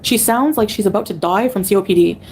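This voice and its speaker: A woman's voice: medium pitch, fast, a little mellow, a little hiss or hum. A woman ranting on a livestream, angry and mocking as she answers her chat. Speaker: streamer being reacted to. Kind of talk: heated livestream rant.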